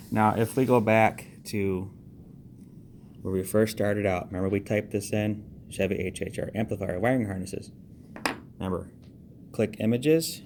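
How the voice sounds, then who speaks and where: A lower-voiced man walks through a car audio wiring job in a casual tutorial voice-over. He talks quickly and keeps checking in with "okay" and "all right." A faint hiss sits under the recording. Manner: talks fast, checks in with frequent okays. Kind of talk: casual screen-recorded how-to walkthrough.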